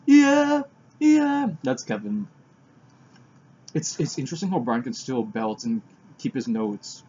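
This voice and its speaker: A man's voice: mid-range voice, measured pace, warm tone, muffled recording, a little hiss or hum. A man casually commenting on songs as he listens, thinking aloud and sometimes eating while he talks. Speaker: music reaction vlogger.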